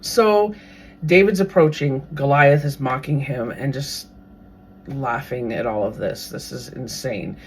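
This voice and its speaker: A podcast host retelling a Bible story in a casual, animated way, now and then acting out what the characters might think. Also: medium pitch, measured pace, a little hiss or hum. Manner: animated, briefly acts out characters' thoughts.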